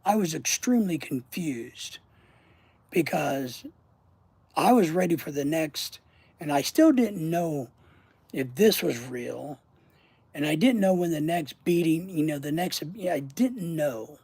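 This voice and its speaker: A man with a warm, mellow voice tells a rambling personal story to his channel's viewers, swearing freely and often trailing off mid-sentence. His voice sounds close and dry, with no room around it. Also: on the high side, expressive, a little slow, breathy edge, no room sound. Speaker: channel host. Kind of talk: casual livestream storytelling.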